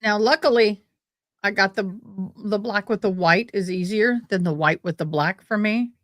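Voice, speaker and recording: A woman's voice: medium pitch, moderate pace, no room sound. A woman hosting a casual livestream chat, rambling and exclaiming as she talks. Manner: rambling, exclaiming, self-interrupting. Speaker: livestream host.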